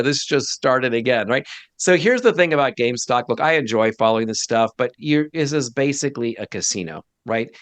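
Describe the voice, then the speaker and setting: A man's voice: medium pitch, animated, normal speed, fairly bright tone, no echo. A man speaking as a guest financial advisor in a casual interview, direct and emphatic with blunt opinions.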